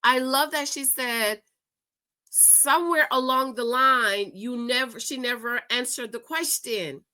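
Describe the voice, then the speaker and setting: A woman's voice: fairly high pitch, unhurried. A married woman hosting a reaction video, talking emphatically in casual commentary and storytelling, laughing often. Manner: emphatic, animated, laughs often, says "okay?" a lot. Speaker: host of a reaction channel.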